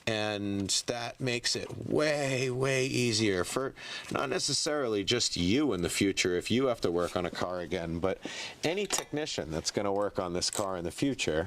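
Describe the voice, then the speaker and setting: A man's voice: fairly low pitch, normal speed, a little hiss or hum. A congested man who breathes through his mouth, talking casually and a bit sarcastically as he takes apart a car engine in a garage, his breathing caught up close by a good mic. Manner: relaxed, chatty, mildly sarcastic, with fillers. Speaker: home mechanic. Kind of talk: casual how-to narration while working. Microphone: good-quality mic picking up breathing.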